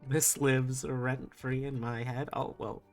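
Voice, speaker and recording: A woman's voice: extremely low pitch, flat delivery, slow pace, soft background music. A woman streaming live, chatting with viewers in a playful, teasing, sultry way. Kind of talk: casual live-stream chat with chat readings.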